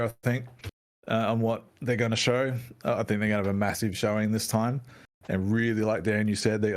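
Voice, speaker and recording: A man co-hosting a casual gaming podcast, chatty and excitable, swearing freely as he talks. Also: fairly low pitch. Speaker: podcast co-host.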